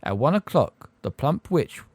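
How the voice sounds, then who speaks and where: A man narrating a fantasy audiobook with an expressive delivery. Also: a little high, unhurried, husky, no echo. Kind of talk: fan audiobook reading.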